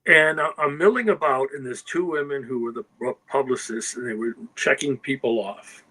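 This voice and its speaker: A man's voice: mid-range voice, moderate pace, bright, forceful tone, slightly rough, rough recording. An older man, a guest writer, telling anecdotes in a rambling conversational way, often checking in with "you know" and "okay?". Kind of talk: casual anecdotal storytelling.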